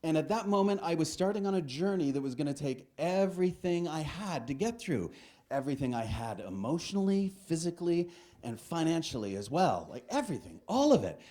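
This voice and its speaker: A man delivering a stand-up keynote on stage, his pitch rising and falling with animated range as he tells his story. He acts out both sides of a talk with his doctor, speaking to a live audience through a stage microphone. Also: brisk. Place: large hall with a live audience.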